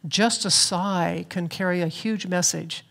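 A woman's voice: lowish voice, measured pace, gravelly, fairly bright tone. A woman minister giving a reflective, earnest sermon with touches of light humor, speaking from a church platform. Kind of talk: spiritual sermon.

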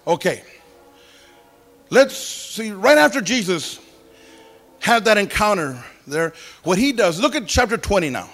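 At normal speed, a pastor delivers a church sermon in a high, somewhat bright voice full of big pitch swings. Exclamatory and folksy, he interrupts himself with hallelujahs and praise the Lord, and uses sung syllables to imitate music while storytelling.

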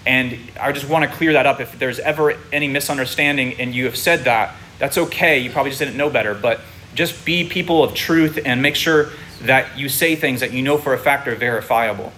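A man's voice: medium pitch, a little fast, few pauses, sharp tone, slight background noise. A man preaching to his congregation, explaining patiently and checking in with his listeners. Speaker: pastor teaching a congregation. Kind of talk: sermon. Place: congregation room.

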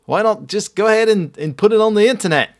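A man's voice: high voice, animated, fast talker, pitched above the performer's own voice. A man putting on a breezy Australian craftsman. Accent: put-on Australian. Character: laid-back male Australian effects artisan.

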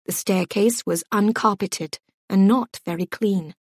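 A woman narrating an audiobook in a measured, gently expressive storytelling voice. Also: mid-range voice, slightly rough, dry recording, clean studio sound.

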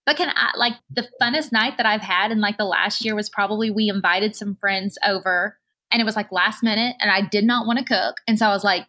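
A woman hosts a relaxed conversation in an earnest, encouraging way. Her speech is loose and casual, full of little fillers as she works through her thoughts. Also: mid-range voice, fairly quick. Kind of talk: casual chat.

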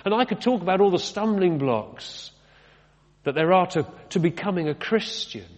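Middle-aged British male vicar, fairly high voice, conversational sermon with self-mocking asides, reverberant church. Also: expressive, moderate pace. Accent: British English. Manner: conversational, rhetorical questions, self-deprecating asides.

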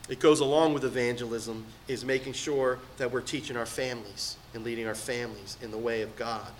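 A middle-aged man preaching a sermon as pastor, swinging between loud emphatic peaks and quiet asides. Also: medium pitch, fairly even intonation, fairly quick, slight background noise.

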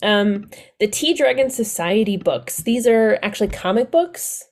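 A woman's voice: medium pitch, expressive, measured pace, darkish tone. A woman co-hosting a podcast, chatting casually and gushing enthusiastically about books she loved, often laughing. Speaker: podcast co-host.

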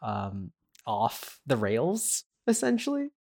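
A man's voice: medium pitch, huge pitch swings, slow, gravelly, a little mellow. A man chatting casually on a podcast, laughing easily. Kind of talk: casual chat.

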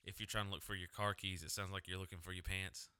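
A man's voice: deep voice, flat delivery, fast, sharp tone, clean tone. A man co-hosting a podcast, musing aloud and telling odd stories in casual chat. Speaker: podcast co-host.

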